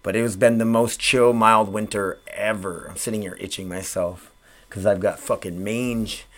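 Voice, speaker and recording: A man's voice: on the low side, steady tone, moderate pace, a bit bright. A man, hosting his own podcast in a rambling, profane, self-deprecating chat. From Grand Forks, North Dakota. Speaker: podcast host. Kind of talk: casual solo podcast chat.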